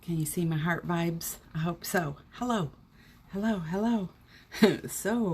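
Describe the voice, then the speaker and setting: A middle-aged woman with a slightly husky, lower voice hosts a chatty morning live stream from home. She greets each viewer by name with cheerful warmth and talks in a relaxed, casual way. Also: slow pace. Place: home indoors.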